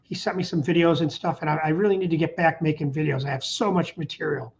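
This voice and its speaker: A middle-aged man hosts a casual live stream, rambling along and reading out viewer comments. His voice sits a little high for a man. The stream audio is slightly muffled, with a faint hiss underneath. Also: steady tone, quick pace. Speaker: channel host. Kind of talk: casual livestream chat.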